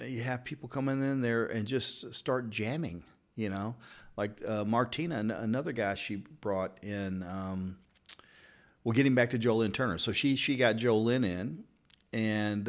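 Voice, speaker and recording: A barber and interviewer from Louisville, Kentucky, speaks in a low voice during casual chat. He's a rambling storyteller who retells anecdotes with plenty of animation.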